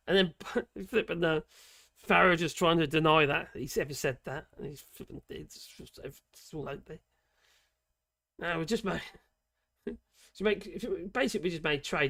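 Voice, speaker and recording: A man giving rambling, opinionated political commentary on a live stream. His voice is hoarse and croaky, and he speaks colloquially with many fillers. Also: a little high, a bit bright.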